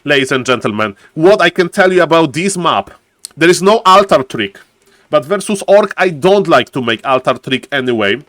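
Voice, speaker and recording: A man's voice: fairly high pitch, expressive, normal speed, fairly bright tone, no room sound. A man casting a live strategy game on stream, a showy announcer who keeps repeating his catchphrases and greets chat by name. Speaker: esports caster and streamer.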